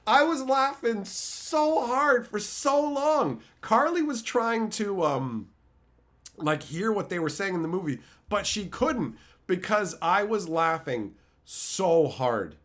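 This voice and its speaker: A man's voice: high voice, animated, slow pace, fairly bright tone. A man chatting casually on a live stream, telling stories animatedly and laughing often.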